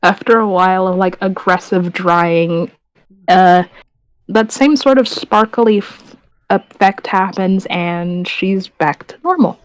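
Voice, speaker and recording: A woman playing a tabletop game, describing things in a rambling, halting way full of restarts. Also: mid-range voice, no room sound, rough recording. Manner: rambling, halting, self-correcting. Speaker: player. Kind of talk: casual tabletop game chat.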